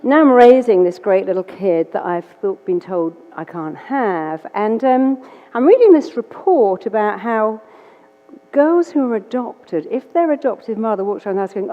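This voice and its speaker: A woman's voice: mid-range voice, moderate pace. A woman with an English accent, a therapist telling a story as a speaker and acting out the dialogue in changed voices. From England. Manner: lively, acts out quoted dialogue in changed voices. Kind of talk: storytelling talk. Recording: dull recording in a reverberant hall.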